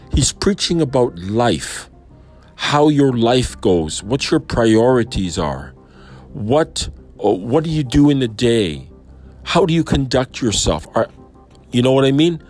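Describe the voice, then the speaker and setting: A man talking through his thoughts in an unscripted monologue, questioning and pausing often as he weighs his words. His voice sits at an ordinary middle pitch. Soft music plays faintly underneath. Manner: thoughtful, questioning, with frequent pauses and fillers. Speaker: Christian believer reflecting on a sermon. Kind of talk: personal reflective monologue.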